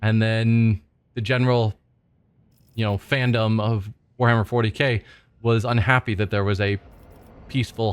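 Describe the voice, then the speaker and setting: A man hosting a let's play, reading the game's text aloud and commenting on it in a casual, thinking-aloud way. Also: on the low side.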